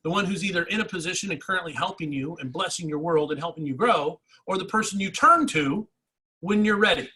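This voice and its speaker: A man giving a motivational real estate coaching talk, energetic and repetitive, speaking straight to his agents. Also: high-pitched, brisk, breathy edge, poor audio. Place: training session.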